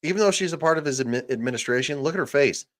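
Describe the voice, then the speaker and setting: A man's voice: a little high, expressive, rapid-fire, a little hiss or hum. A man hosting a casual political commentary livestream, talking in a heated, profane, ranting way into a desk microphone. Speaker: livestream host.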